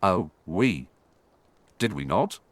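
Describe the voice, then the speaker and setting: A man voicing an anxious, soft-hearted young schoolgirl witch who exclaims fretfully. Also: sits low, very animated, slow pace, no echo, pitched below the performer's own voice, heavily acted.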